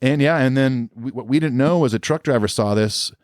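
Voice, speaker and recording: A man's voice: mid-range voice, a little fast, a little mellow, no room sound, studio quality. A middle-aged man, a musician guest on a podcast, telling a long casual story in a rambling, laid-back way full of fillers.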